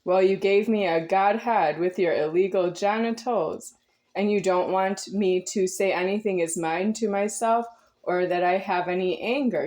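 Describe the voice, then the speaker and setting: A woman's voice: mid-range voice, darkish tone. A woman in her forties giving a rambling, confrontational spiritual monologue to her viewers, repeating herself intensely. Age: 40s. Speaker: vlogger.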